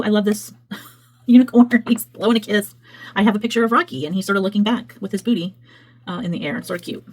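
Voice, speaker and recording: This craft video host has a mid-range voice with a touch of mellowness, heard on a low-quality recording. She pages through her work in a casual, chatty way, meandering and often correcting what she's just said.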